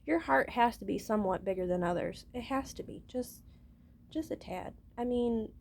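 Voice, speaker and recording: A woman's voice: a little high, animated, moderate pace, creaky, a little mellow, slight background noise. A woman talking to her viewers in a rambling, casual vlog monologue, swearing freely and often starting with "listen". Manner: rambling, profane, keeps saying "listen". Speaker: vlogger.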